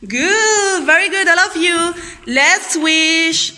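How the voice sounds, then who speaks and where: High-voiced woman teacher, slow and bright. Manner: slow, clear, encouraging. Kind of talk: classroom teaching, prompting a group to repeat. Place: school hall or classroom. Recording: echoey room with faint noise.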